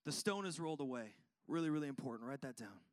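A man preaching a sermon, fervent and chatty, calling out to the congregation and swinging from hushed tones to loud ones. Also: mid-range voice, animated, quick pace. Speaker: pastor.

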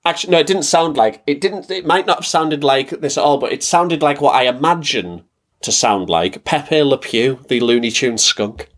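A man's voice: fairly high pitch, normal speed, a bit bright. A man co-hosting a casual podcast, speaking in a dry, rambling way that keeps qualifying his points. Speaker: podcast co-host.

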